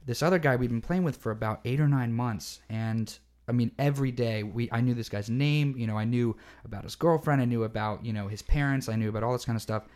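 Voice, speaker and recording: Young guy cohosting a podcast, mid-pitch, lively storytelling, lots of mm-hmms. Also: quick pace, hardly any pauses. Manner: lively anecdotes with many backchannel mm-hmms. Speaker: podcast co-host. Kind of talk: casual podcast chat.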